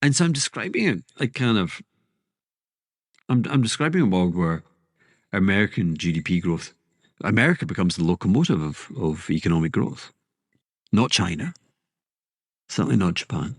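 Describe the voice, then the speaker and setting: A man's voice: sits low, very animated, normal speed, pauses often, slightly rough, dry recording, clean studio sound. A man with a Scottish accent hosting a casual monologue, rambling and interrupting himself, with sudden emphatic outbursts. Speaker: podcast host.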